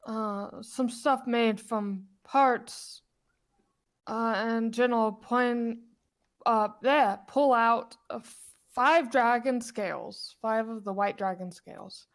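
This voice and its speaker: A woman's voice: a little high, fairly even intonation. A woman playing a tabletop game, speaking hesitantly as her character. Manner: hesitant, unhurried. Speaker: player.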